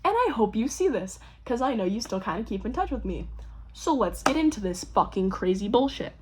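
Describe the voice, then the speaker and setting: A young woman tells a casual storytime, swearing every few words. Her voice is a little husky, and she tells it in a lively, animated way. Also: fairly high pitch, a little fast. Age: young adult. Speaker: vlogger.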